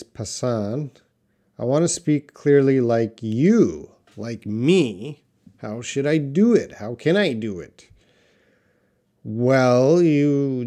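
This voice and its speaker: A man in middle age runs a live English class from his desk, reading out viewers' comments. He talks slowly and unhurriedly and draws out the words he demonstrates. His voice sits at an ordinary pitch for a man. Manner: relaxed, drawn-out, models words slowly. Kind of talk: live-stream lesson, reading chat comments.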